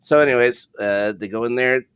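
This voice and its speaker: A man's voice: medium pitch, brisk, fairly bright tone, clean tone, dry recording, muffled recording. A man co-hosting a podcast, casually recapping a TV episode in a laid-back, rambling way with a chuckle now and then. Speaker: podcast co-host.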